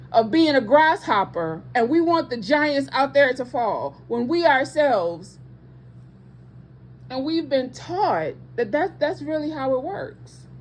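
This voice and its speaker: A woman's voice: high voice, slight background noise. A woman preaching with passion to online viewers as a ministry host, emphatic and repeating her points, with speech patterns and casual asides.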